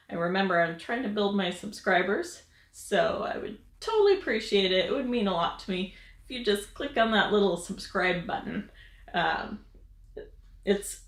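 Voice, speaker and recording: A woman hosting a vlog, chatting casually to camera with advice, rambling with fillers and laughing often. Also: medium pitch. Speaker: vlog host. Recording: roomy echo.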